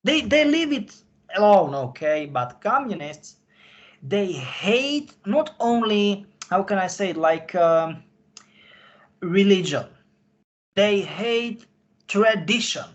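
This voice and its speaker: A man speaking in casual conversation, halting and searching for his words. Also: sits high, lively intonation. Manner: halting, searching for words in non-native English. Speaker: podcast guest insider. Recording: dull lo-fi audio.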